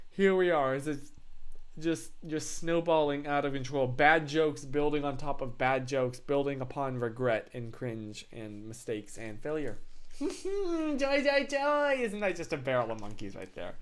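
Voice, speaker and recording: A young man with a hoarse, raspy throat, chatting casually on a live stream in a rambling, self-mocking way. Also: on the high side.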